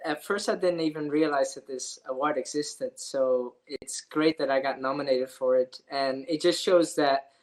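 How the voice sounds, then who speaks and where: A man's voice: fairly high pitch, fairly bright tone, poor audio. A young man from the Netherlands with a Dutch accent, answering interview questions earnestly with frequent ums and uhs. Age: young adult. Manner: earnest, with frequent fillers and restarts. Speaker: student athlete, interviewee.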